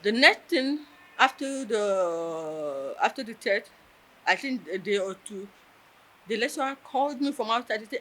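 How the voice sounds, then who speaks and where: A woman's voice: medium pitch, animated, a little slow, bright, forceful tone, poor audio. A woman telling a personal story in an interview, earnest and emotional, close to tears. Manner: earnest, emotional, tells with quoted dialogue.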